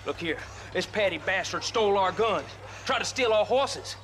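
A man's voice: high voice, animated, normal speed, noisy background. An actor playing a threatening male thug.

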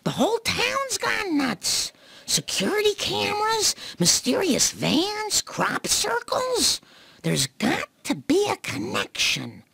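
A frazzled cartoon mom, super gravelly and raspy, high voice that swoops all over. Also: female voice, huge pitch swings, takes it slowly, bright, forceful tone, no room sound, full character voice. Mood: worried.

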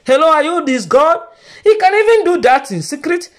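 High-voiced woman vlogger. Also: sing-song, moderate pace. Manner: emphatic and repetitive, preachy. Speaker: church gossip vlogger. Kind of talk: casual commentary.

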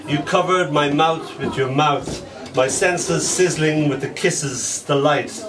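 At a small live poetry night, a male poet with a fairly high voice reads his own poems slowly and deliberately, letting each line end fall soft and quiet. The recording is distant, and the audience can be heard laughing and murmuring.

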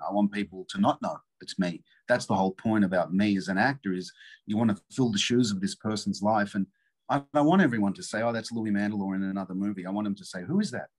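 A middle-aged man with a faded Australian accent mixed with American, talking candidly and casually in an interview. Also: lowish voice. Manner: relaxed, candid, says bro and man. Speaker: actor, guest.

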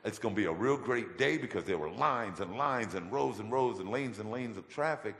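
A man telling his testimony as a guest in a church, colloquial and animated. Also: on the low side, fairly quick. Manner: animated, colloquial, acts out voices in his stories. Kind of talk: storytelling testimony. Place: church hall. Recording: echoey church hall with long reverb.

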